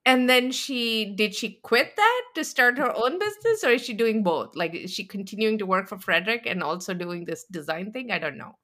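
A woman's voice: medium pitch, sing-song, normal speed, hardly any pauses, sharp tone. A woman co-hosting a podcast, chatting casually and joking, often quoting people in playful voices. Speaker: podcast co-host. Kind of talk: casual chat recapping a reality show.

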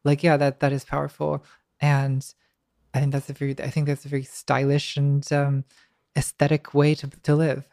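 A woman's voice: low-pitched, completely flat delivery, normal speed, warm tone, no echo, clean studio sound. A woman guest talking reflectively, hesitant with many restarts and fillers, and now and then laughing wryly at herself. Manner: wry, laughs lightly at herself. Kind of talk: reflective conversation.

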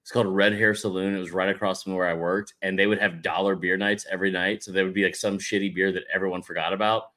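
A man's voice: low-pitched, level tone, fast talker, few pauses, a bit bright. A man co-hosting a sports podcast, rambling and teasing casually, swearing freely. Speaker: podcast co-host.

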